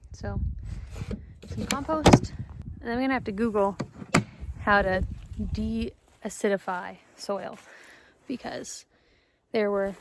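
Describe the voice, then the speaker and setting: A woman's voice: fairly high pitch, very noisy. A woman vlogging outdoors in a wooded yard, chatting casually and thinking aloud, unsure of her plans. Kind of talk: casual vlog walkthrough.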